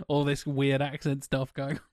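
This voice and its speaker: A man from Northern Ireland co-hosting a casual podcast, animated and quick to laugh. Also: medium pitch, dry recording, clean studio sound. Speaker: podcast co-host.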